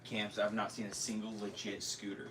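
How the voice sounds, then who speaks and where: A man in a casual group chat, quick and teasing. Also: fairly low pitch, completely flat delivery, a bit bright.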